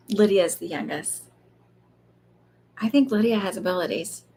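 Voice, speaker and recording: A woman's voice: medium pitch, unhurried, creaky, dark tone, a little hiss or hum. A woman speaking as a psychic medium in a casual live reading, chatty and loose, full of fillers and the odd swear.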